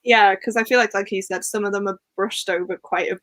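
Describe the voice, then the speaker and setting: A woman's voice: mid-range voice, steady tone, a little fast, fairly bright tone, dry recording. A young woman with a Welsh accent, chatting casually about a book, often laughing and acting out reactions. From Wales. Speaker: book club host.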